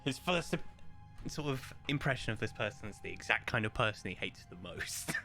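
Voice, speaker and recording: A man with a bright, clear tone describes his character's moves in a casual tabletop game. He delivers lines with dry sarcasm, with faint music playing underneath. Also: medium pitch, expressive, a little fast. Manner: dry, sarcastic, laughing often. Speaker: player. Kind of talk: tabletop role-play, casual.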